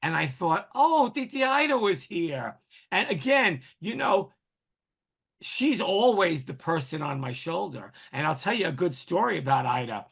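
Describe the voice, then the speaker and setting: A man's voice: a little high, moderate pace, creaky, slightly rough. A man, a guest in an interview, telling personal stories in a casual way and acting out the voices of the people he quotes. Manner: animated storyteller, acts out quoted voices. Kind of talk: casual storytelling.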